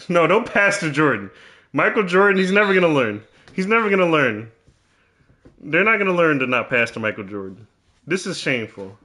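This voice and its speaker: A man's voice: mid-range voice, bright, forceful tone. A man commentating his own basketball video game, teasing and trash-talking in a mock-serious way and often repeating himself.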